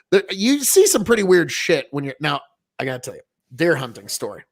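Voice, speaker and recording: Host, male, from Nebraska. Rambling, swears constantly, high gravelly voice, close dry sound. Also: fairly bright tone, no room sound. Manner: profane, rambling storyteller. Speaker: podcast host. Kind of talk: casual chat.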